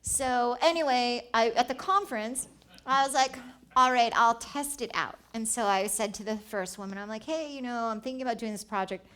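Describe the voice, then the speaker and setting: A woman in her 40s, a travel writer and speaker, shares personal travel stories at a live event. Her voice sits on the high side, a bit bright, at a normal pace, and she acts out dialogue while laughing frequently.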